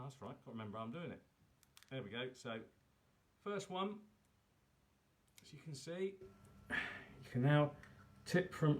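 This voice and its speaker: A man hosting a live cook-along, chatting casually and poking fun at himself as he talks viewers through each step. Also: medium pitch. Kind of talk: casual live cooking demo.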